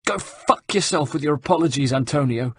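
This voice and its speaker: A man's voice: fairly high pitch, animated, a little fast, slightly rough, dry recording, voice pushed up. A male narrator voicing a wounded young woman thief who snarls and curses at her healer. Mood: furious. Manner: snarling, cursing, sharp-tongued.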